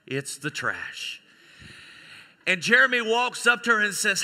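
Bright-voiced pastor preaching in a reverberant sanctuary. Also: male voice, high-pitched, measured pace, pauses often. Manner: animated storytelling, voicing characters in a skit. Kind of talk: sermon with acted illustration. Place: church sanctuary. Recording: church sanctuary with long reverb.

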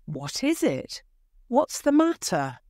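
A woman's voice: lowish voice, sing-song, slow, no room sound. Storybook old man, tired and frightened, pleading in anguish, voiced by a woman narrator; dry and close. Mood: alarmed.

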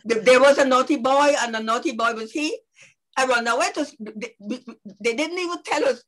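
Older woman guest, lively and playful storyteller, a touch high-pitched. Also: brisk, low-quality recording. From Guyana. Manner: lively, playful, rhythmic recounting. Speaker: guest speaker. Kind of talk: casual reminiscing.

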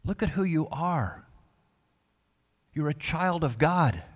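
A male pastor preaching a sermon with passion, dropping to soft tones and then rising to loud calls. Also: fairly high pitch, lively intonation, takes it slowly, in a large hall. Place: church sanctuary.

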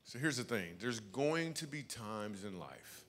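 A man delivering a comedic sermon to a church crowd, his voice bouncing between lively punchlines and quiet, earnest reflection. The sound carries a long reverb from a large church auditorium. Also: on the low side, unhurried, hardly any pauses, faint music behind. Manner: animated jokey delivery, switching to hushed earnest tones. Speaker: guest speaker and comedian. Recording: long reverb from a big hall.

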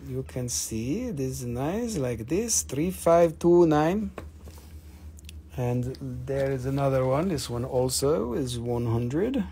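Gravelly-voiced man hawking crystals live. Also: mid-range voice, lively intonation, slow pace, dark tone, a little hiss or hum. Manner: joking, profane, enthusiastic salesman. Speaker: host of a live mineral sale. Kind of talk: livestream sales chat.

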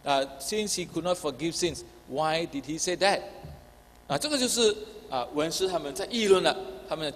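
A man preaching a bilingual sermon, speaking Chinese and then restating each point in English with a Chinese accent, filling pauses with "ah". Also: on the high side, animated. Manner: repeats each point in English after Chinese, many filler "ah" sounds. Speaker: pastor. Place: church hall. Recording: long hall reverb.

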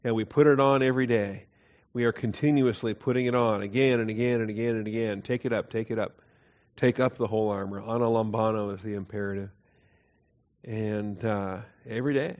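A man's voice: lowish voice, steady tone, brisk. Man teaching a hesitant Bible class. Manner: conversational, hesitant fillers, quiet chuckles, quizzes the class. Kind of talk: doctrine class lecture with questions. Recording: dull lo-fi class recording.

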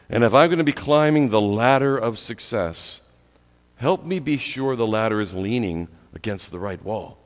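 A middle-aged male pastor preaching a lively sermon with exclaimed punchlines, then leading a quiet prayer. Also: on the low side. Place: church sanctuary. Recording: church hall reverb.

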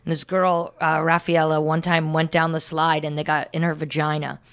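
A woman's voice: low voice, flat delivery, moderate pace, smooth. A young woman, a comedian, telling stories in a casual chat and laughing often. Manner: storytelling, laughs often, many likes. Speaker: comedian guest.

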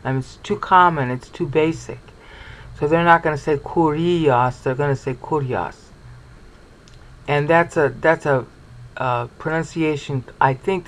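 A man's voice: fairly high pitch, rough recording. A man giving an explanatory Bible study lecture, talking in a discursive way and often checking in with the listener. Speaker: Bible teacher.

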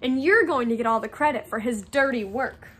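A woman reading aloud as a sardonic schoolboy wizard, a little louder than her narration. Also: extremely high pitch, a little fast, slight background noise. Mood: knowing. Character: boy wizard Ron, gloomy and knowing.

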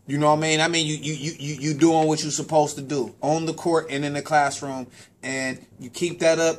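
A man hosting a local sports talk show, talking in a casual, animated way with a slightly higher voice. He repeats words and stumbles over names as he runs through his shout-outs. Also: a little hiss or hum. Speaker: parent and sports official.

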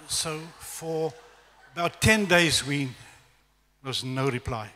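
A middle-aged man with a South African accent, telling a lively, self-deprecating testimony as a guest preacher at a church evening service. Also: on the high side, slow, a little hiss or hum. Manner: storytelling, animated, self-deprecating humor. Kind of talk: testimony sermon. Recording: echoey church hall reverb.

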